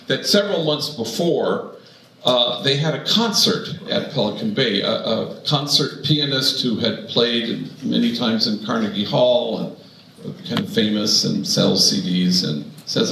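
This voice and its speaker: Priest telling stories in a roomy hall. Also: male voice, mid-range voice, a little slow, creaky, sharp tone, slight background noise. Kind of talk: storytelling sermon to an audience.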